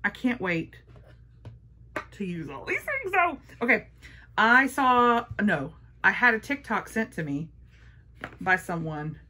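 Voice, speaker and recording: Gushing, chatty woman, low voice. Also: sharp tone, slightly rough. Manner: gushing, chatty, repeats praise. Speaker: beauty vlogger. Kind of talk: casual makeup haul chat.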